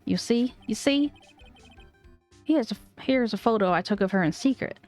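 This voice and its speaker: A woman's voice: a little high, moderate pace, darkish tone, soft background music, close to an everyday voice. A woman voicing a nervous, lovesick young man from a game who stammers and puts on a Southern drawl. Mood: smitten. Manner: stammering, flustered.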